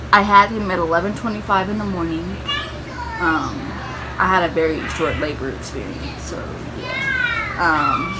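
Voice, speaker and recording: Young woman telling a storytime vlog, animated, noisy background with cars going by. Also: medium pitch. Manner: animated retelling, quoting others in raised voices. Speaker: vlogger. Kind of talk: casual storytime.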